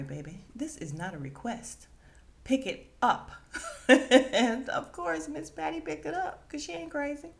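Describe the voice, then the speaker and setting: A woman hosting a casual podcast, recapping a TV episode with animated retelling, acting out the characters' lines and laughing often. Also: medium pitch.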